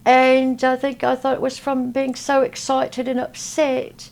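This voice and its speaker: A woman from Texas, a guest in an interview, talking in a halting way with many fillers. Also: sits high, completely flat delivery, creaky, a little mellow. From Texas, USA. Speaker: interview guest, spiritual healer. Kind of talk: casual interview talk. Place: at a convention.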